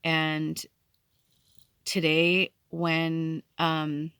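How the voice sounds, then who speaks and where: Woman, late 40s, lowish voice, dry close sound; candid spiritual vlogger, heartfelt, swears casually. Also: completely flat delivery, very slow, a bit bright, clear, resonant tone, no room sound. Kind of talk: casual late-night vlog talk.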